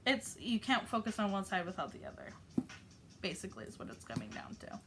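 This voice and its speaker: A woman's voice: mid-range voice, sing-song, a little fast, very noisy. A woman giving a casual spiritual message to her viewers, affectionate and encouraging, with loose fillers. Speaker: spiritual YouTube channeler.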